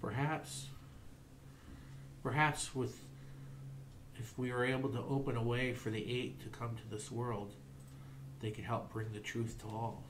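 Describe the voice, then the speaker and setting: A man voicing a calm, solemn male elf envoy who speaks in a measured, formal way. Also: medium pitch, noisy background, close to an everyday voice. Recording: roomy echo.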